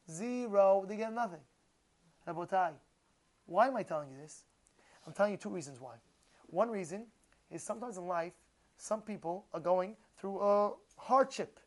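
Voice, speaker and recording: A man's voice: high-pitched, a little mellow. A man preaching as a rabbi in an emphatic, repetitive manner full of rhetorical questions. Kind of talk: sermon.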